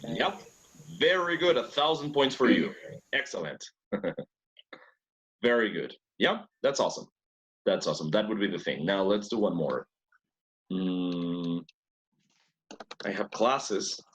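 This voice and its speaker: A man's voice: sits low, lively intonation, slow, pauses often, a bit bright, a little hiss or hum. A man teaching an English class who praises students often, repeats their answers and switches between English and Spanish.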